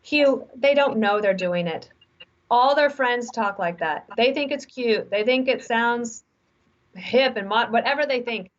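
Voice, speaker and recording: A woman in her forties, speaking as an interview guest who gives frank, animated advice through stories. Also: a little high, unhurried, a little hiss or hum. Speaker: guest author. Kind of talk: conversational interview. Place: remote video call. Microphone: video call mic. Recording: dull lo-fi video call audio.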